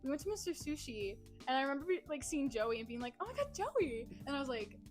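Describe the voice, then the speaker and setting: A woman's voice: high voice, quick pace, faint music behind. A young woman chatting casually on a podcast, telling a story with lots of giggles and quoted voices. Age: young adult. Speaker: podcast guest. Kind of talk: casual chat.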